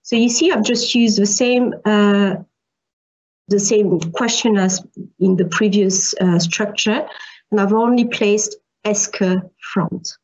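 A woman's voice: mid-range voice, fairly even intonation, slow pace, darkish tone, highs cut off. A female university lecturer giving an online French lesson, explaining patiently with examples and repeating key points.

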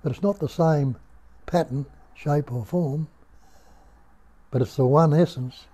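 An older man with an Australian accent, giving a slow, musing spiritual talk at home and putting rhetorical questions to his listeners. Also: a little high, dark tone, slightly rough. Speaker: spiritual teacher. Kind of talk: unhurried nondual teaching talk. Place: indoor room at home.

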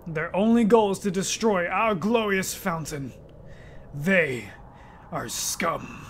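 Brief: man voicing a deep, grave, menacing game king, slow and commanding. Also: a bit bright, a little hiss or hum. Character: cold, menacing villainous king and father.

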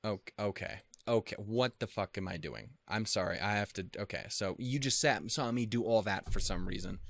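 A man's voice: fairly low pitch, normal speed, creaky, fairly bright tone, no room sound. A man hosting an anime reaction video, rambling casually in a profane, self-deprecating and easily flustered way.

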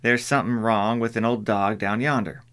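A man's voice: fairly low pitch, fairly even intonation, moderate pace, fairly bright tone, clean tone, close to an everyday voice. A man voicing an anxious, earnest young boy with a drawl. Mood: worried. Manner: earnest, worried. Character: anxious boy, about twelve.

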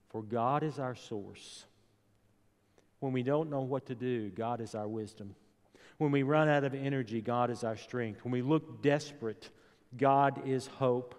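Slow, deliberate male pastor in reverberant church. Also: medium pitch, a little mellow. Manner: slow, deliberate storytelling delivery with rising repeated refrains. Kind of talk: sermon. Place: church sanctuary. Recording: long church hall reverb.

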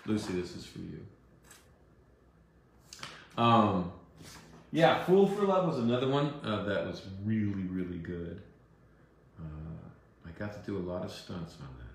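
A middle-aged American man chatting casually while signing autographs, relaxed and rambling with many fillers. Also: low voice, unhurried, gravelly, long pauses. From United States. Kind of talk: casual chat during a live autograph stream. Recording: very echoey room, faint background hum.

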